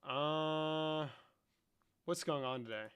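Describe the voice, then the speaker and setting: A man's voice: a little high, slow pace, a bit bright, smooth. A young man around twenty, casually chatting on a livestream in a joking, sarcastic way and swearing a lot. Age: young adult.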